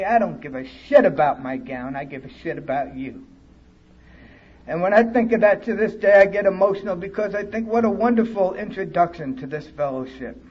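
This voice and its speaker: A man's voice: high voice, dull audio. A man speaking at a recovery conference, telling his personal story bluntly and with profanity. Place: conference hall.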